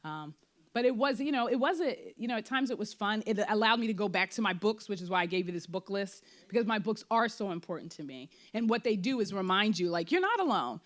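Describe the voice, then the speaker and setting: Animated woman in a talkback. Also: mid-range voice, fairly quick. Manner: animated, frequent fillers, acts out quoted thoughts. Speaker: playwright and performer in a post-show talkback. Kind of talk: candid conversational talkback. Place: theater before an audience.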